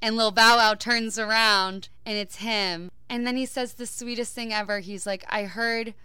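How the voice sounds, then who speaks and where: Young woman, podcast co-host; crisp, bright voice, dry close sound; chatty and animated. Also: on the high side, normal speed, no room sound. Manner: animated storyteller, acting out quotes in put-on voices; peppers speech with "like". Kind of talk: casual chat, retelling a movie.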